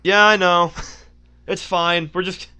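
A man giving casual gameplay commentary as a let's play host, excitable and laughing often, breaking off mid-sentence. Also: high voice, takes it slowly, clear, resonant tone.

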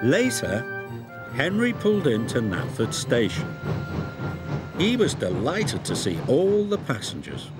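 British man, children's story narrator, slow and unhurried, very lively melody, music behind. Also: mid-range voice. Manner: gentle, expressive storytelling.

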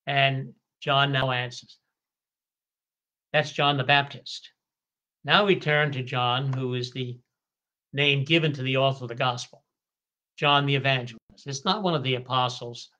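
A man, a priest, giving a slow, deliberate scripture study lecture, stretching key words and sometimes correcting himself mid-phrase. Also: medium pitch, steady tone, bright, forceful tone, muffled recording. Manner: occasional stumbles and self-corrections.

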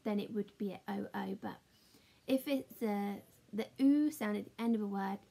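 Woman, teacher, children's phonics lesson, sing-song and encouraging, gravelly, husky. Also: medium pitch, dark tone. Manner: slow, sing-song and encouraging, talking to a puppet. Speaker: primary school teacher.

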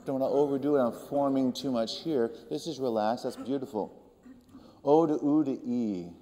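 A man leading a group through vocal warm-ups, talking gently and encouragingly and singing short demonstration notes. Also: mid-range voice, moderate pace. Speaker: vocal coach. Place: large hall with a group of singers. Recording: reverberant hall, faint room hum.

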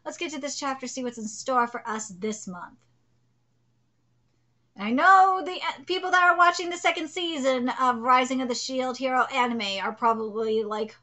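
A woman streaming a casual live reaction to a manga chapter, profane, excitable and blunt. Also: high voice, moderate pace.

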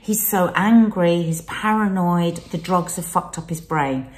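A woman's voice: on the low side, a little slow, slight background noise. A woman co-hosting a candid talk show, telling a personal story expressively and acting out the voices of the people she quotes. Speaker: podcast co-host. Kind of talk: candid conversation about mental health.

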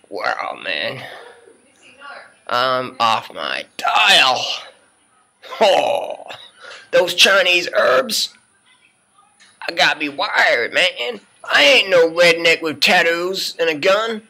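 A man's voice: on the high side, sharp tone, exaggerated voice. A man playing a smug, boastful male health guru in his forties, rambling through a mocking parody monologue. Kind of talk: comedic spoof monologue.

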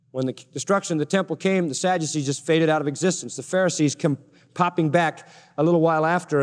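High-voiced man preaching in a reverberant hall. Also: a little mellow. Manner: emphatic preaching, with repeated parallel phrases and rising stress. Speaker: pastor. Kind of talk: sermon.

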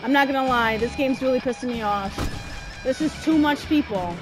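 A woman giving frustrated live commentary while playing a video game, shouting orders and complaints at the character. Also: high-pitched, brisk. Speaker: gameplay streamer. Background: game music.

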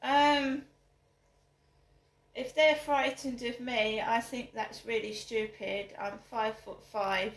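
A woman's voice: a little high, fairly even intonation, slow, echoey room. A middle-aged woman speaking in an angry personal vlog, indignant and emphatic, repeating phrases for force. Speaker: vlogger. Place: home flat.

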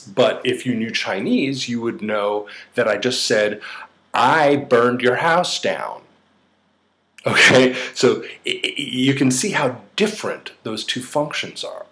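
Middle-aged new york guy, lowish voice, talks thru a lesson casually, lots of uhs and restarts. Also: fairly bright tone. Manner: conversational and explanatory, with frequent fillers and restarts. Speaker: psychotherapist teaching a course. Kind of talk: casual spoken lecture.

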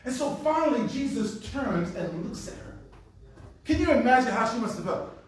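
A man preaching at a revival, telling Bible stories in a lively, conversational way and acting out the voices of the people in them. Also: sits high, fairly quick, slight background noise. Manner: animated storytelling with acted-out voices, says "man" often. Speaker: pastor. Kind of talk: revival sermon. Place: church sanctuary. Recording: echoey room from a distance.

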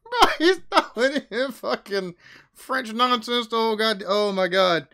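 A man's voice: sits high, expressive, a little slow, bright, forceful tone. An American man reacting to a sitcom episode, talking casually with exclamations and swearing. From United States. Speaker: reaction video host.

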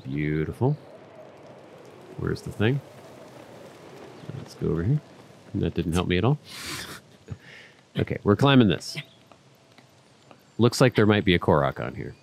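A man's voice: sits low, big pitch swings, measured pace, gravelly, pauses often, slight background noise. A man hosting a let's play, chatting casually through his gameplay and talking to the game characters and his viewers.

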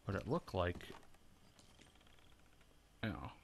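A man's voice: low-pitched, big pitch swings, slow, creaky, a little hiss or hum. A man hosting a let's play, casually thinking aloud and swearing as he plays. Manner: profane, rambling, thinking aloud. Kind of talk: casual gameplay commentary.

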